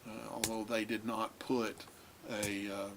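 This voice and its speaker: Male lecturer, unhurried, halting delivery with fillers, faint hiss behind. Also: fairly low pitch, little pitch movement, vocal fry. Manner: halting, many filler pauses. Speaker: Bible translation teacher. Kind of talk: recorded lecture on translation.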